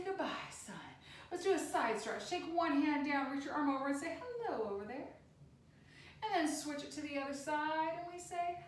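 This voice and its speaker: Woman kids' yoga teacher, gentle and unhurried, echoey room. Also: sits high. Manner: gentle, sing-song instructions. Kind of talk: guided kids' yoga class. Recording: echoey room, distant mic.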